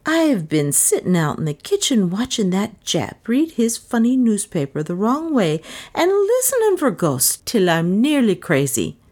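A woman's voice: mid-range voice, wildly swooping pitch, unhurried, a little mellow, voice pushed up. Woman voicing a plaintive fretful housemaid. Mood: fretful pleading. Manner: pleading, fretful. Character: timid superstitious maid, woman, plaintive.

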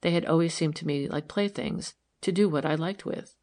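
A woman reading the part of an anxious, guarded wife who speaks in a hushed, hesitant way, in an audiobook. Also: deep voice, normal speed.

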